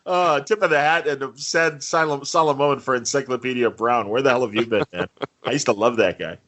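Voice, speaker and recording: Co-hosting a podcast, a man chats and jokes casually while reviewing a TV episode, rambling with restarts and fillers. His mid-range voice sounds bright and forceful.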